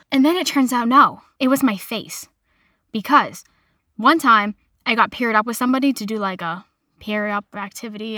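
A young woman in her twenties telling a casual personal story in a chatty, animated way, quoting other people as she goes. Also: on the high side, no echo. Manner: chatty, animated retelling with quoted voices.

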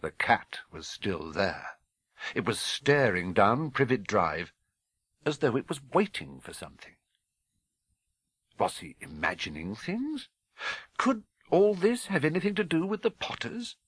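Expressive British man narrating a storybook. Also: mid-range voice, unhurried, breathy edge, no room sound. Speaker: audiobook narrator. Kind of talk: scripted narration.

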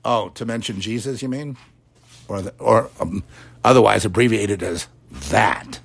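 A middle-aged man delivers a preachy monologue in a low, gravelly voice with a husky edge. His pitch swings widely as he rails and then mimics the people he argues against. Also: unhurried. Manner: preachy, mocks imagined opponents in quoted voices. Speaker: podcast host. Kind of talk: religious commentary monologue.

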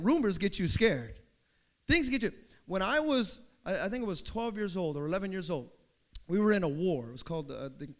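A man preaching a sermon as pastor, animated, acting out quotes and building to shouts. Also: a little high.

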